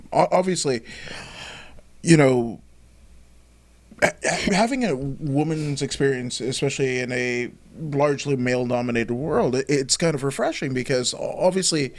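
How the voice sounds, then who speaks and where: Male host, casual interview, mid-range voice, halting delivery full of restarts. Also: mid-range voice, lively intonation.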